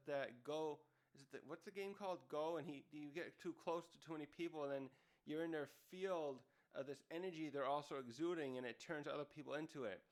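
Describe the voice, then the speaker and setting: A man talks casually through a manga chapter, rambling and correcting himself as he goes. His voice sits a little high, and it is smooth and clear. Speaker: manga reviewer. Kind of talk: casual commentary.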